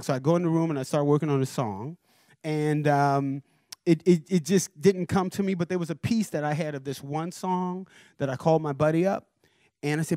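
Animated storytelling man. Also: on the high side, moderate pace, dry recording, clean studio sound. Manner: lively, acts out voices, chuckles often. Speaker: guest speaker, record producer. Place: university forum, indoors.

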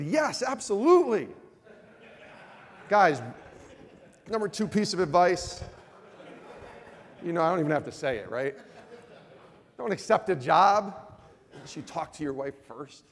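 Speaking to a men's group, a Northeast US man in his forties gives a personal testimony as animated storytelling, voicing both sides of each conversation. His mid-range voice carries vocal fry, and a long reverb tail follows his words.

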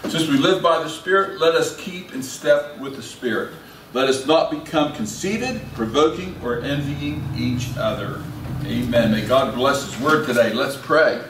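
A man's voice: medium pitch, animated, unhurried. A male pastor preaching a sermon and leading prayer in a folksy, conversational way with many restarts. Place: church sanctuary. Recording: echoey church, distant, faint hiss.

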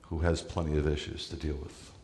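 A rabbi preaches in a relaxed, conversational way and leans hard on his key points. His voice is very low, and a long reverb trails each phrase, as in a large hall. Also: a little fast, a little hiss or hum. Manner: conversational, emphatic preaching with asides to the congregation. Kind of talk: sermon.

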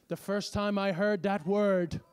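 A man doing live stand-up comedy, animated and swearing, with loud bursts of shouting. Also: high-pitched, normal speed. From United States. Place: large live venue with audience. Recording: live show with audience noise.

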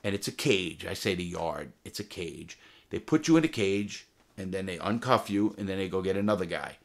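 A man's voice: low-pitched, expressive, normal speed. A middle-aged man telling stories casually to camera, blunt and swearing freely, often restarting his sentences. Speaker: storyteller of his own past. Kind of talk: casual profane storytelling to camera.

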